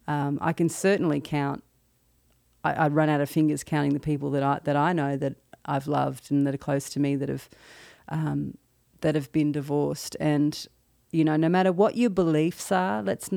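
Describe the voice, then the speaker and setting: A woman telling a personal story in an earnest, halting, reflective way. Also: sits low, gravelly, mellow, no room sound, clean studio sound. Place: lives in the American South.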